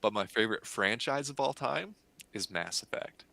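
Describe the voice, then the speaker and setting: Male podcast guest, bright and eager, animated storyteller, dry close sound. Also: lowish voice, moderate pace, gravelly, no room sound. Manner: excitable, animated retelling with voiced quotes. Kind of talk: casual storytelling.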